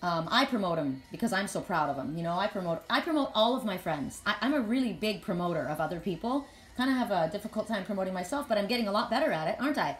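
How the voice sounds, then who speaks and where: A woman in the middle pitch range chats openly with her online followers as a spiritual reader and healer. Her speech is earnest and rambling, with repeated words where a sentence begins. The room around her gives the voice a noticeable echo. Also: expressive, quick pace, hardly any pauses. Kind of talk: casual live chat to followers.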